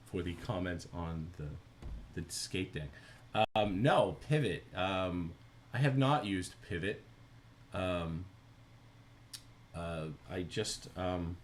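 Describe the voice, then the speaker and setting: A man's voice: deep voice, slight background noise. A man with a New Jersey accent, chatting casually on a live stream while he animates, thinking aloud and answering viewers.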